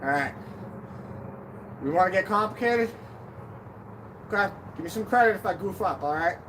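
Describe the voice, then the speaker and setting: A high-pitched man talks through a casual outdoor live stream, joking and poking fun at himself between moves. The mic picks up clear outdoor noise all around him, with birds and wind in the background. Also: animated, normal speed, fairly bright tone. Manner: chatty, joking, self-deprecating. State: out of breath at times. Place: outdoors on a backyard deck. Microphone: camera on a stand.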